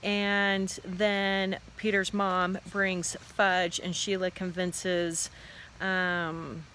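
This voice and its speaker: A woman teacher in a relaxed, chatty way reading a children's book aloud outdoors. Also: on the low side, extremely slow, slight background noise, poor audio. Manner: relaxed, chatty, expressive reader.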